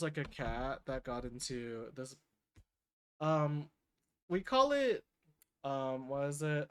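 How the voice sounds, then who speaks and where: A man's voice: medium pitch, fairly bright tone, smooth. A young man streaming live, telling a work story in a loose, rambling way with lots of fillers. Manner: rambling, laid-back storytelling with many fillers. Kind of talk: casual livestream chat.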